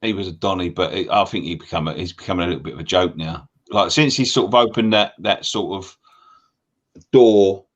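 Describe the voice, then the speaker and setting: A man co-hosting a fan show. He talks in a hesitant, halting way with many fillers and casual swearing. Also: sits low, highs cut off. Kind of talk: casual pub-style banter.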